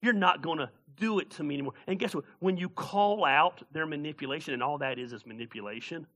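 Bright-voiced preaching man. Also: on the high side, fast talker. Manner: animated, shouting bursts and jokes. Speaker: pastor. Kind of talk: sermon.

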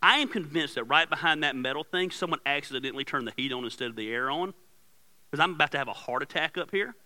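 A man's voice: on the high side, fast, rough recording. A middle-aged male pastor preaching a sermon in a church, telling a story about himself with lots of energy and acting out his wife's angry lines. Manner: animated storytelling, acts out his wife's yelling. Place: church sanctuary. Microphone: handheld or headset microphone.

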